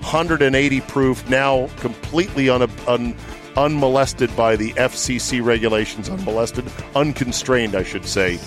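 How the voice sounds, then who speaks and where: A man's voice: medium pitch, moderate pace, over music. A man hosting a casual sports podcast, joking and swearing freely, recording from inside a van. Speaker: podcast host. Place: in a van at night.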